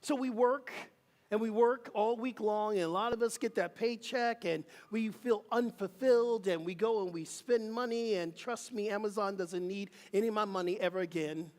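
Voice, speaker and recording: A minister delivers an emphatic, rhythmic sermon from a church sanctuary, leading the congregation in call and response. The voice sits at a middle pitch and carries a long, lingering reverb from the hall. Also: normal speed, darkish tone.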